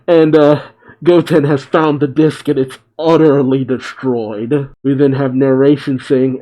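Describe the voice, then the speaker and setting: Brief: male reaction host, mellow and relaxed, narrating panels with quick asides. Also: mid-range voice, low-quality recording. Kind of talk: casual comic read-through.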